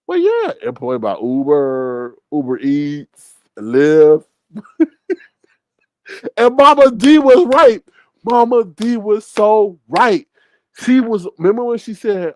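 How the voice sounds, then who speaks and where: A man hosting casual gossip commentary, animated and mocking, often mimicking others with big jumps in his voice. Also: high voice, measured pace, dry recording. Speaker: commentary channel host.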